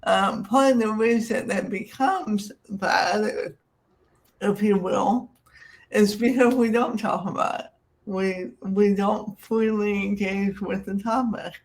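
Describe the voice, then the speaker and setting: Slow, gravelly woman podcast host. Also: mid-range voice, steady tone. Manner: casual, affirming, many fillers. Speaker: podcast host, sex therapist. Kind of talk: podcast interview.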